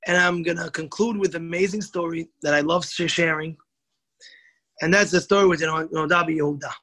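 A man with a high, light voice delivers a story-driven sermon. He gets animated and slows down to stress the moral. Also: rough recording.

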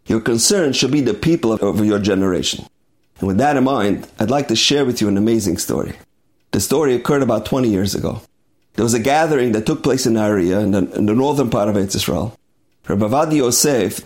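Man preacher, emphatic sermon delivery, dramatic storyteller, mid-pitched voice. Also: a little mellow.

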